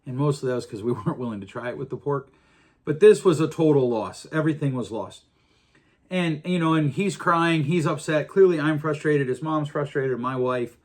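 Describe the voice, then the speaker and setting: A man's voice: a little high, normal speed. A middle-aged man hosting a podcast, talking earnestly in a casual monologue with frequent restarts. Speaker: podcast host.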